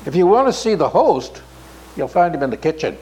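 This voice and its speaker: A man voicing a group of eager male merchants, calling out high and loud. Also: big pitch swings, brisk, slight background noise. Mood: coaxing.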